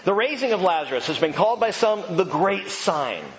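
Brief: male pastor, fairly high voice, emphatic, jokey sermon in a big echoey hall, dull lo-fi sound. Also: moderate pace. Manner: animated, emphatic, joking asides.

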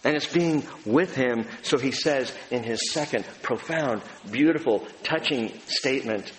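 Man, pastor, preaching to his congregation, emphatic then hushed, slight hum behind, echoing hall. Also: measured pace, hardly any pauses. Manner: swings between emphatic raised delivery and hushed low tones; conversational and direct with the audience. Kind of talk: sermon. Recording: long hall reverb, faint background noise.

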